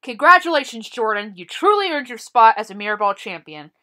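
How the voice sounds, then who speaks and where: A woman talks through her take on a TV finale in a blunt, opinionated way and swears freely. Her voice is bright and sharp, with a slightly high pitch and a lively, swooping delivery. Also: a little fast. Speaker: TV commentary vlogger. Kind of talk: casual solo commentary.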